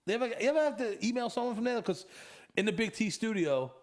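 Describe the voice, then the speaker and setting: Profane, animated man telling stories. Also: sits high, fast talker. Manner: profane, animated storytelling with laughs. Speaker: podcast host. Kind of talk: casual chat.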